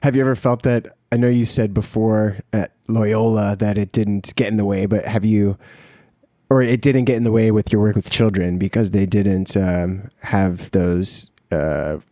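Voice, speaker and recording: A man's voice: lowish voice, fairly even intonation, moderate pace, dark tone, no echo, studio quality. A young man hosting a podcast, who asks questions in an easygoing, teasing way and laughs often. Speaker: podcast host. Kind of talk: casual interview.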